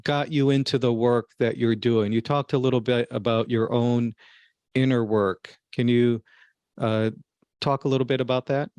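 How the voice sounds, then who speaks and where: A male podcast host poses questions in a soft-spoken, hesitant way, with fillers along the way. His voice is smooth and resonant. The sound is dry and close. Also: medium pitch, steady tone, moderate pace, no room sound. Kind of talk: interview questions.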